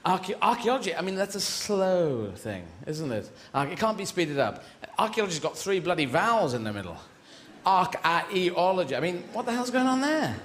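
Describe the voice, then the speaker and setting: A man doing live stand-up, rambling and excitable, swearing freely and jumping into voices. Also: high voice, fairly quick, hardly any pauses. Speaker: stand-up comedian. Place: live comedy venue. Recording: echoey live venue with background noise.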